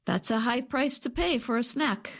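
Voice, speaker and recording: A woman co-hosting an English lesson podcast, with a melodic, lively pitch. She speaks clearly, as a teacher would. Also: moderate pace.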